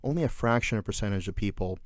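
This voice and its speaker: A man's voice: lowish voice, animated, rapid-fire, no room sound, studio quality. A man in his thirties, a Marine veteran hosting a podcast, telling profane stories in casual chat with lots of fillers and laughs.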